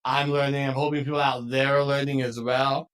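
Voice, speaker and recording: A male podcast host chatting casually with a guest. He is relaxed and talkative, and he laughs easily. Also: mid-range voice, brisk, clear, resonant tone. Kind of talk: casual conversation.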